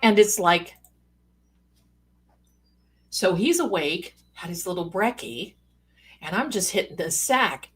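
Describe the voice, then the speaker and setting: A woman chatting on her live stream in a husky, slightly breathy voice, taking her time. She rambles through stories with playful asides and calls her viewers pet names. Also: on the low side, animated, slow, long pauses. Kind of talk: casual live-stream chat.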